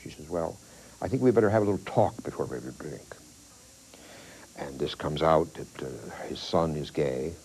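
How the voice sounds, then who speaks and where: A man's voice: rumbling low, moderate pace, darkish tone, slight background noise, poor audio. A man who directs for the stage, a guest in a TV studio, talking casually. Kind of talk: casual TV interview.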